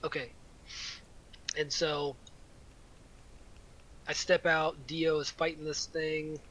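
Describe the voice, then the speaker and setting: A man playing a cleric in a tabletop game, halting and full of rules questions. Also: fairly high pitch, little pitch movement, pushed and bright, slight background noise, low-quality recording. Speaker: player, war cleric.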